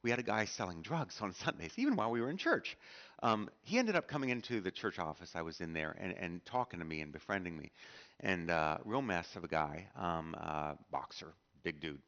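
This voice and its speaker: A middle-aged male pastor tells stories from the pulpit, stumbling over fillers and restarts and acting out the people in them. His voice sits low but rises and falls a lot. The church livestream sounds muffled and lo-fi. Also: animated, brisk, a bit bright. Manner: storytelling, acts out quoted speech with many fillers and restarts. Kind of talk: sermon. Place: church sanctuary.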